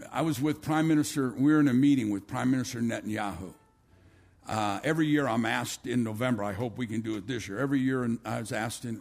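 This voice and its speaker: A man's voice: medium pitch, gravelly. A male pastor preaching a sermon to his church, telling a long story with many restarts and asides.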